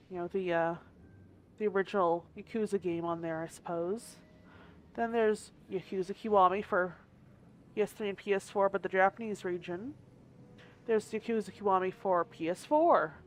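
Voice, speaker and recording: A woman game streamer chatting casually, thinking aloud and hedging as she goes, with the odd hiccup. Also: mid-range voice. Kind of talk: casual live-stream chat.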